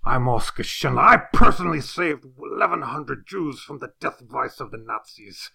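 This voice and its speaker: A man putting on a furious middle-aged churchgoer who berates a church board with theatrical threats, his voice hoarse. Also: mid-range voice, lively intonation, moderate pace, pushed and bright, pitched above the performer's own voice, heavily acted. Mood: boastful.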